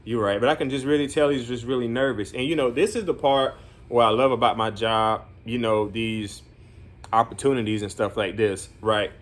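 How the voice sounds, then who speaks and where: This man speaks at a medium pitch and an ordinary pace, his tone staying steady. He's a group home counselor spinning a rambling, filler-heavy vlog story, punctuated by earnest words of encouragement.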